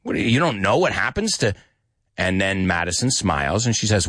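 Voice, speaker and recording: A man teaching English with movie scenes, acting out lines in a lively voice and adding short glosses. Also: moderate pace, no room sound, studio quality. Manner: lively, acts out quoted lines in higher pitch, mixes in Spanish glosses.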